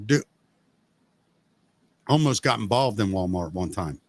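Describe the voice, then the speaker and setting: A man's voice: fairly low pitch, measured pace. A man co-hosting a casual podcast, telling a long story and acting out the people in it. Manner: animated storyteller acting out quoted voices. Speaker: podcast co-host. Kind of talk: casual chat.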